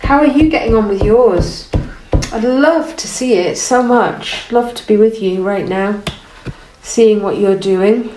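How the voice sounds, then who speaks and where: Slow, soft-spoken woman teaching painting. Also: mid-range voice. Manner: soft, encouraging, thinking aloud. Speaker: art teacher. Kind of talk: gentle painting tutorial while working. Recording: roomy, from off the mic, faint noise.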